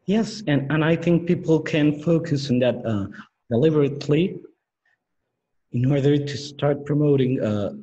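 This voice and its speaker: A man with a Mexican Spanish accent hosting an interview, speaking hesitantly and politely with frequent pauses. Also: a little high, mellow, dull audio. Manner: hesitant, many fillers and restarts, polite. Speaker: interview host. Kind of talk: interview conversation.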